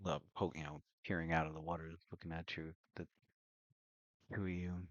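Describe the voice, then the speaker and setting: A man narrating a tabletop game as game master, halting and correcting himself as he searches for words. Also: a bass voice, level tone, no echo. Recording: dull lo-fi recording.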